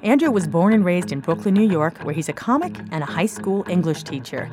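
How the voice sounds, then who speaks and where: A woman hosts a storytelling radio hour, reading calm, scripted links between stories. Her voice sits fairly low. A clear music bed plays behind her studio voice-over. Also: a little fast. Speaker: radio show host.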